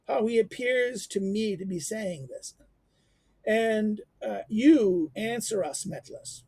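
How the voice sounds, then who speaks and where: A man lecturing on a classic text, reading passages aloud and explaining them, halting with fillers and restarts and turning animated when he quotes. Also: breathy edge, no echo. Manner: jumps into animated pitch when quoting.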